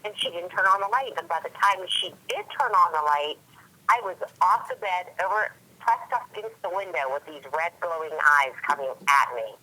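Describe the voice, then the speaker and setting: Bright-voiced woman telling a halting story. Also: fairly low pitch, animated, rough recording. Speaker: interviewee recalling a family story. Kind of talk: personal recollection.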